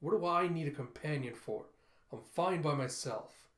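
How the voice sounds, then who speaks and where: A man voicing a grumpy, paranoid old father who grumbles gruffly in a comic readthrough. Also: a little high, moderate pace, fairly bright tone, reverberant, lightly acted. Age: older.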